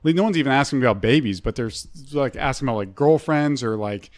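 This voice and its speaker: A man's voice: mid-range voice, quick pace, no room sound, clean studio sound. A man in his twenties, a guest comedian on a podcast, complaining in a loose, laid-back way. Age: 20s. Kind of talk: casual comedy podcast chat.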